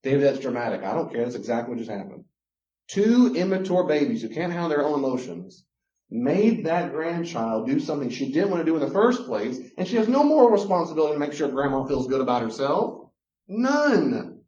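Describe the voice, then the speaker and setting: A man's voice: on the high side, sing-song, fairly quick, a little mellow. A man with a Southern US drawl lectures a class with passion, hammering home his points and getting worked up. His voice carries through a roomy space, and the recording sounds dull and lo-fi. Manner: emphatic, gets worked up. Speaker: Christian counselor teaching a class.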